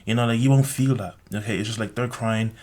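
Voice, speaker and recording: A man's voice: medium pitch, fairly even intonation, fast talker, darkish tone. A young man giving a blunt, rambling opinion monologue in a casual vlog, constantly saying "like" and tagging on "okay?". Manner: rambling, heavy use of "like" and tag "okay?"; blunt, lecturing. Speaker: vlogger.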